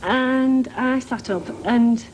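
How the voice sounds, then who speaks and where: A woman's voice: a little high, takes it slowly, heavy background noise. A woman on a TV game show, speaking plainly and a bit hesitantly as a contestant in a studio. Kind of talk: telling a short anecdote on a game show.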